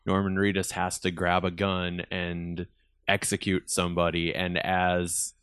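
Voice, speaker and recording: A young man co-hosting a movie podcast, relaxed and a bit hesitant, with frequent fillers. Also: deep voice, unhurried, clear, resonant tone, no echo, studio quality. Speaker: podcast co-host. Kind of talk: casual chat.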